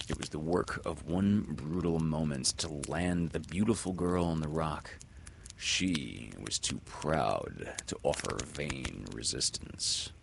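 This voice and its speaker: A man narrating a classic children's story aloud with an expressive, dramatic delivery. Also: rumbling low, slow, creaky, slight background noise.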